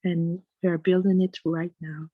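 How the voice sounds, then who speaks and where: A woman's voice: on the low side, little pitch movement, moderate pace, no room sound, phone-quality sound. A woman leading a study group on a video call, offering encouraging responses before passing to the next speaker. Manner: encouraging, warm affirmations.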